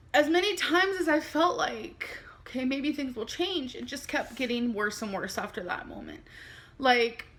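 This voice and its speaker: A young adult woman telling a personal story on her vlog, speaking candidly and haltingly with many fillers. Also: fairly high pitch, fairly bright tone. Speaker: vlogger.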